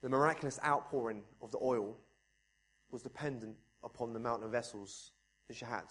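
A man preaching a sermon, fervent, swinging between soft, low passages and loud, high ones, and asking the congregation questions directly. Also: brisk.

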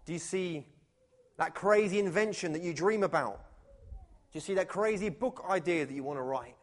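A pastor delivers a sermon to his congregation in a relaxed, animated way. His voice sits somewhat high for a man and swings between loud, punchy lines and quiet, intimate questions. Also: normal speed. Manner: animated and conversational, swinging from loud to hushed, with many rhetorical questions. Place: church, before a live congregation.

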